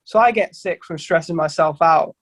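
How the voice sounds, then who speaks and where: A man's voice: on the high side, normal speed, fairly bright tone, no echo. A young man, a band's singer, chatting casually on a podcast with loose, rambling sentences and frequent swearing. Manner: rambling, swears freely, many restarts. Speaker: band vocalist guest.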